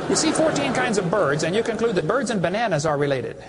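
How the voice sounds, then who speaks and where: A man's voice: high-pitched, very animated, fast talker, hardly any pauses, slight background noise. A man giving a preaching lecture to an audience, telling folksy, mocking stories with acted dialogue. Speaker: creation science speaker.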